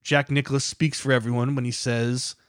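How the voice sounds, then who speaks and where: A man's voice: mid-range voice, flat delivery, normal speed, dry recording, studio quality. A man hosting a podcast, reading scripted documentary narration with a dramatic, building emphasis. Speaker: podcast host.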